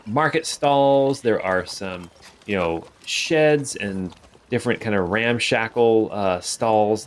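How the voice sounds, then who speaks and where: A man narrating a tabletop game as game master, relaxed, with many fillers. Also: fairly low pitch.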